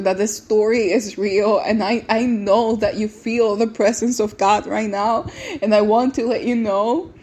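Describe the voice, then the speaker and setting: A woman hosting a podcast is close to tears as she shares an emotional personal testimony and offers encouragement. She's earnest, repeating words and restarting often, in a fairly high, mellow voice.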